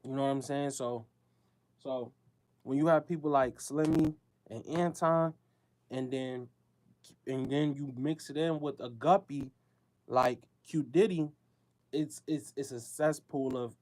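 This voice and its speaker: An American man, the host of a show, delivers a casual talk-show monologue about betting straight to his listeners. His mid-range voice is unhurried and a little mellow. He talks in a loose, slangy, repetitive way.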